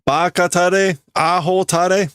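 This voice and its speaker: A man's voice: sits high, fairly even intonation, slow, a bit bright, smooth, no room sound, studio quality, pitched above the performer's own voice. A man putting on angry workers who hurl harsh insults at their leader while reading manga dialogue aloud.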